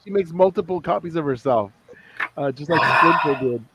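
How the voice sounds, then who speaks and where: A man co-hosting a casual chat, relaxed, acting out characters' lines while he retells a story, on a video call. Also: on the high side, moderate pace, lo-fi sound, noisy background. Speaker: podcast co-host. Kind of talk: casual chat reviewing comics.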